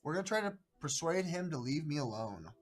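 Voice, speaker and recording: A man hosting a live stream of a solo tabletop adventure, chatting casually in a rambling, halting way. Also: a little high, sing-song. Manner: rambling, halting, greets viewers by name.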